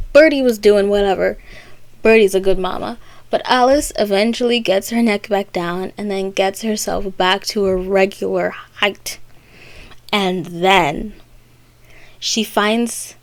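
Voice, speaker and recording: A woman casually retelling a classic story in a chatty, rambling way, popping into quick character voices. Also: mid-range voice, no room sound.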